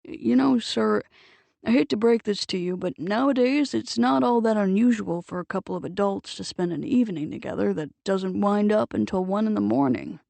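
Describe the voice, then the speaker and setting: A man's voice: sits high, normal speed, vocal fry, dry recording. A woman voicing a polite younger man who speaks evenly and wryly in an audiobook. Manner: even, polite and dryly wry. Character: calm, polite younger man under pressure.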